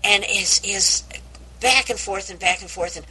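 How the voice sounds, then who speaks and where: A woman in a casual group discussion about audiobook narrators, talking emphatically with halting restarts. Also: mid-range voice, bright, forceful tone, slight background noise, rough recording.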